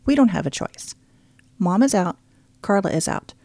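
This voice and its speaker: A woman's voice: medium pitch, animated, normal speed, vocal fry, dark tone, no echo. A woman voicing a firm, protective middle-aged father in an audiobook, speaking in coaxing and stern turns. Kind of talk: audiobook character reading.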